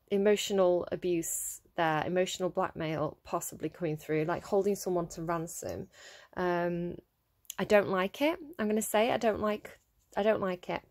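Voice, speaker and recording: A woman's voice: medium pitch, no echo. A woman giving a casual tarot reading, talking in a hesitant way with many fillers and restarts. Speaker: tarot reader.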